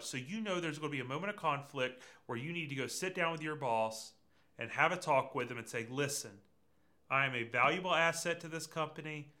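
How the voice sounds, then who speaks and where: A man preaching a conversational sermon, speaking directly to his listeners. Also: medium pitch. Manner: lively and conversational, addresses congregation directly. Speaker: pastor.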